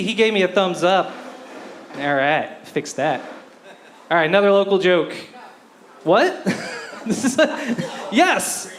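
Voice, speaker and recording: Slow, high-voiced stand-up comic. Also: male voice. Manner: deadpan, self-deprecating one-liners. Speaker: stand-up comedian. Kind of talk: stand-up comedy set. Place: comedy club stage.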